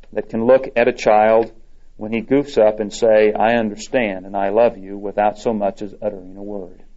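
Lord as eager male creator, storybook reading by a male preacher, warm low tone. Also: natural voice. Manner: read aloud in a storytelling tone. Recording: dull lo-fi recording.

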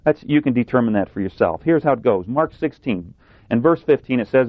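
A man's voice: mid-range voice, animated, no room sound. Tinny recorded male preacher. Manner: deliberate, emphatic, sometimes sarcastic. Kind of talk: sermon. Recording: tinny phone-like dry sound.

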